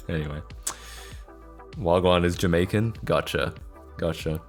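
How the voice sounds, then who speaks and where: A man's voice: low-pitched, measured pace, long pauses, fairly bright tone, faint music behind. A young Australian man with an Australian accent, chatting casually on a live stream, self-mocking and laughing often as he answers chat.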